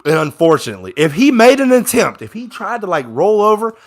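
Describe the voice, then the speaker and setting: Speaking fairly quickly, a young fan offers casual live commentary on a game. His mood shifts from quiet grumbles to loud, excited yells on the big plays.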